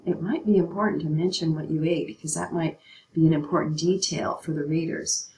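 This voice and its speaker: A woman's voice: low-pitched, fairly even intonation, moderate pace, a little mellow, reverberant, a little hiss or hum, low-quality recording. A middle-aged woman teaching a writing lesson, patient and checking in often with her students. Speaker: English teacher.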